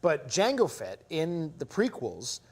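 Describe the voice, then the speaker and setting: A man with a somewhat high voice, talking in a casual podcast chat. He rambles through his stories and swears freely. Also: wildly swooping pitch, slow pace, slightly rough. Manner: loose, profane, rambling storyteller. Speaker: podcast co-host.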